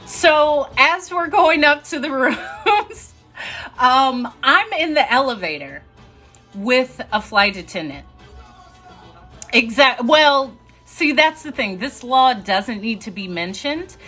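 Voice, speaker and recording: A young woman casually telling a story to a live audience, chatty and animated and laughing now and then. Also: sits high, slow, faint music behind.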